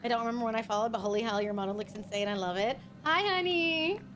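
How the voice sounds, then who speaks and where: A woman's voice: mid-range voice, flat delivery, racing, slight background noise. A woman streaming a game, chatting with viewers in a flirty, teasing, playfully menacing way. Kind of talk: casual game-streaming chat.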